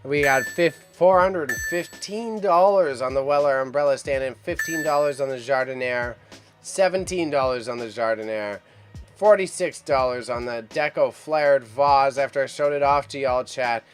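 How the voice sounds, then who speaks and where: A man's voice: medium pitch, normal speed, music in the background. A man hosting a live-stream auction reaction in casual, upbeat commentary, chatting to his viewers and his cat.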